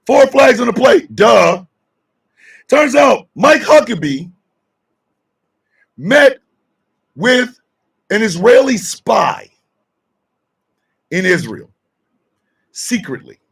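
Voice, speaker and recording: A man hosting a radio show, shouting and mocking in loud comedic commentary. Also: very high voice, extremely slow, gravelly, long pauses, husky. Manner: shouting, mocking, excitable riffing.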